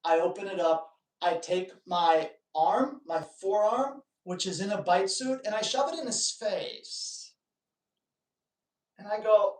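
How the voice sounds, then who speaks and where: A man hosting a live dog-training Q&A, telling stories in a lively way and joking with his viewers. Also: sits high, takes it slowly. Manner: animated storytelling, joking asides. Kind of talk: casual live-stream talk. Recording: echoey room, distant mic.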